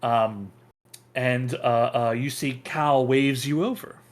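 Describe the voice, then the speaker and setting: A man's voice: mid-range voice, slow pace. A man narrating a tabletop game as game master, hesitant with many fillers.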